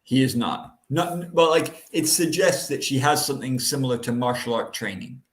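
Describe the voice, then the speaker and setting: A man's voice: medium pitch, normal speed. Confident man explaining, in an echoey room. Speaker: podcast co-host. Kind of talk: casual chat explaining a book.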